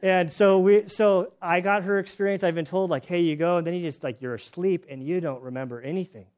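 A man's voice: high-pitched, brisk, dull audio. A man who is a pastor and chaplain, preaching a sermon full of personal stories and often breaking off to restart his sentences. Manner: animated, acts out quoted voices, self-interrupting restarts.

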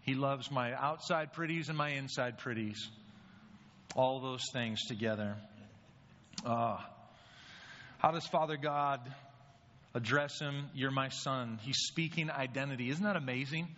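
A man preaching with a bright, forceful voice, speaking casually and tossing rhetorical questions to his listeners. The sound rings with a long hall reverb, and the recording is dull and lo-fi. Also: mid-range voice, unhurried, pauses often, a little hiss or hum. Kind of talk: sermon.

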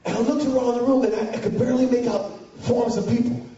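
High-pitched preacher guy, animated, yelling bits, dull muffled sound in a huge echoey hall. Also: quick pace, recorded from a distance. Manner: animated, breaks into shouting and snatches of song. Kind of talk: storytelling sermon. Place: large church hall with congregation.

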